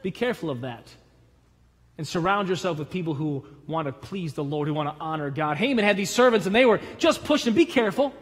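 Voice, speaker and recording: A man's voice: fairly high pitch, lively intonation, brisk. A man preaching a sermon as pastor, emphatic, with punchy repeated phrases that rise. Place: church sanctuary. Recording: long church reverb.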